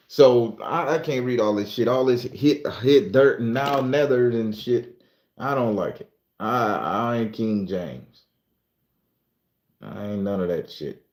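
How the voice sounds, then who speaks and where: A man's voice: mid-range voice, normal speed, a little mellow, echoey room. A man from southern Florida with a Southern American accent, hosting a casual livestream and chatting loosely with viewers, stumbling when he reads aloud. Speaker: livestream host.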